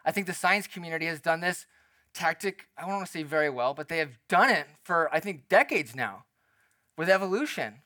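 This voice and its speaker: A man preaching a sermon as a pastor, speaking in a conversational, animated way and acting out the quotes he tells. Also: a little high, a little fast, no room sound.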